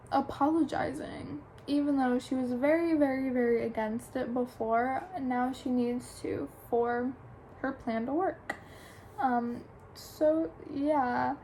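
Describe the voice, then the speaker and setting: A woman's voice: high voice, a little mellow, a little hiss or hum, poor audio. A young adult woman chattily retelling a book's plot for a review, full of "like" and "um". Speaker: book reviewer. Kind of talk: casual plot recap.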